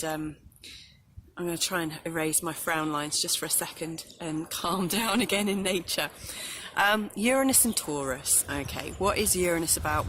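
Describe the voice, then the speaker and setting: A woman astrologer hosting a casual solo talk outdoors in nature. She is chatty and apologetic and often pauses on "um". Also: deep voice, background noise. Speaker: astrologer host.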